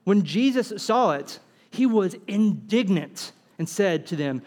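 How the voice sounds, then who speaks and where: Animated high-voiced preacher. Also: male voice, measured pace. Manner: animated, acts out quoted dialogue, asks rhetorical questions. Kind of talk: sermon.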